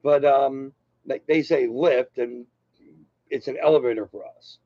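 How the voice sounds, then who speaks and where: Unhurried and steady, an older channel host speaks in a medium-pitched voice through a rambling, self-deprecating, unscripted monologue. The sound is dry and dull lo-fi.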